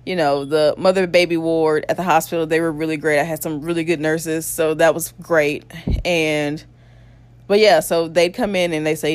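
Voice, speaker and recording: Young woman, lower register, candid storyteller with a crude streak, dry close sound. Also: moderate pace, dry recording. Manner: candid, blunt, crude humor with frequent laughs. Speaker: mother telling her birth story. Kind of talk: casual storytelling to camera.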